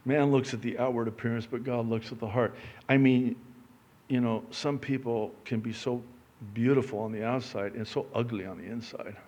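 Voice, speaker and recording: A middle-aged man preaching a sermon, joking and poking fun at himself, swinging between loud emphatic lines and quiet asides. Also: mid-range voice, fairly even intonation, normal speed, highs cut off. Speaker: pastor.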